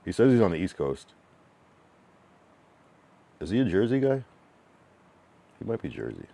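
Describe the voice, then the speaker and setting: Streamer man from New England, low voice, casual and blunt, chats with viewers and reads their messages out. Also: sing-song, creaky, dark tone. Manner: frank, loose, reads chat messages aloud and answers them; drawn-out slang-filled musing with many fillers. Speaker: livestreamer giving feedback to chat. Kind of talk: casual livestream chat.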